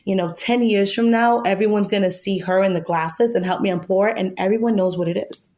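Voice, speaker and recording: A woman's voice: mid-range voice, steady tone, a little fast, a little mellow. A woman as a podcast guest, chatting casually and playfully about a film. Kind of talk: casual chat.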